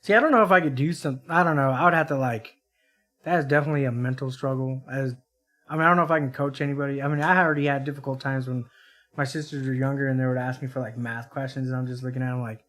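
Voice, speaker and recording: A man's voice: medium pitch, steady tone, quick pace, fairly bright tone. A man in a casual podcast chat, rambling in a laid-back way.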